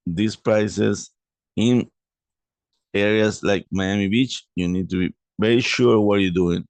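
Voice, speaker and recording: A man walking through a property investment deal in a halting way, correcting himself often. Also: on the low side, a little mellow, no room sound. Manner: halting, many restarts and self-corrections. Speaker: real estate investor presenting a deal.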